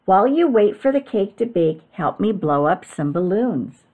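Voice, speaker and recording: A woman's voice: mid-range voice, sing-song, moderate pace, narrow, tinny audio. A woman doing a patient father frog. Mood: gentle.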